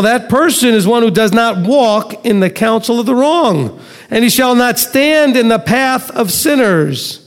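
A man teaching a sermon to a live and online congregation, emphatic, with rhetorical questions and sarcastic asides. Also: high-pitched. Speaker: Messianic Torah teacher. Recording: long reverb of a large hall.

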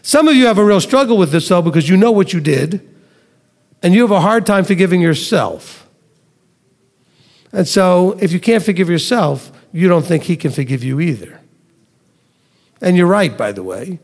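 A man preaching a sermon, teaching conversationally, reading scripture aloud slowly, and asking his listeners questions. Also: high-pitched, lively intonation, big-room sound.

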